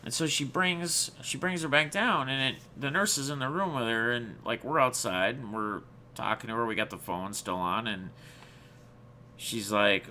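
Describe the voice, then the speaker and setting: A man's voice: medium pitch, moderate pace, bright, forceful tone, a little hiss or hum. A man hosting his own channel, telling viewers a personal story in a rambling, reflective way with many restarts. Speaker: channel host.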